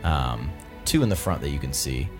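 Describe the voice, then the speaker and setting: A man narrating as the game master with a relaxed, hesitant delivery. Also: a bass voice, normal speed, music in the background. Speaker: dungeon master.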